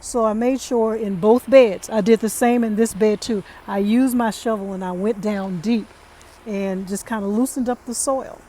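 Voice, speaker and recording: A woman's voice: mid-range voice, fairly even intonation, normal speed, warm tone, a little hiss or hum. A woman giving a casual tour of her backyard garden, chatting to viewers and calling them y'all. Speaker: home gardener vlogger.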